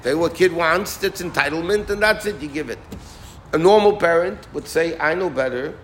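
A man giving an informal Torah talk as a rabbi, animated and folksy, sprinkling in Yiddish and Hebrew terms. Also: a little high, normal speed, a little hiss or hum.

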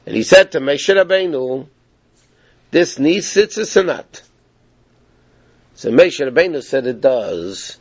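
A man teaching a Torah class, telling the story in a lively, animated way, with frequent restarts. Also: fairly high pitch, slightly rough, dry recording, highs cut off.

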